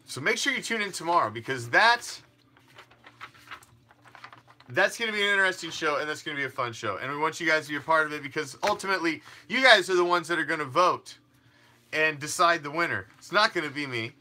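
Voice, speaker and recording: A man's voice: fairly high pitch, lively intonation, quick pace, sharp tone, a little hiss or hum. A man hosting a fan sports show, talking casually in a rambling, emphatic way with frequent restarts and some swearing. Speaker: fan podcast host.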